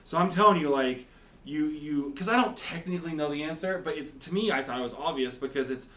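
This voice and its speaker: A man's voice: on the high side, fairly quick, bright, forceful tone. A man hosting a casual quiz game, teasing and rambling in playful banter. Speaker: pastor and show host. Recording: echoey room.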